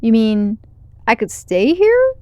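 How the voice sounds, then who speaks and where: A woman reading aloud, voicing an excited boy in space who talks eagerly and breathlessly. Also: on the high side, slow pace, dry recording. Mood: thrilled.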